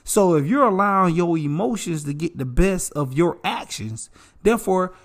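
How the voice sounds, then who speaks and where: Animated preachy man, slightly high voice. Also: normal speed. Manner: animated, preachy, addresses listeners as bro and y'all. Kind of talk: casual advice talk.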